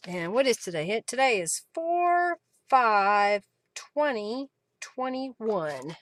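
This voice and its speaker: Running a live crafting stream, a woman with an Oklahoma accent makes casual conversation with her viewers and thanks each by name. She speaks slowly in a fairly high, slightly bright voice with big swings in pitch.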